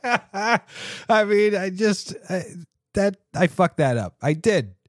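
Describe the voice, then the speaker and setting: A man's voice: high voice, expressive, slow pace, noisy background. A man hosting a casual podcast alone, rambling and mocking himself, with frequent swearing and restarts. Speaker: podcast host.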